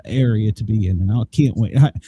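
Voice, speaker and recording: A man's voice: lowish voice, a little fast, mellow, a little hiss or hum. A man hosting a podcast, chatting in an easygoing way with many fillers. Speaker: podcast host. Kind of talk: casual podcast chat.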